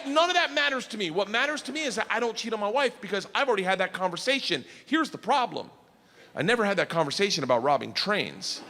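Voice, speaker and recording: A man doing stand-up storytelling, loud and profane, with animated delivery and shouted punchlines. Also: high voice, long reverb tail, slight background noise. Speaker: stand-up comedian.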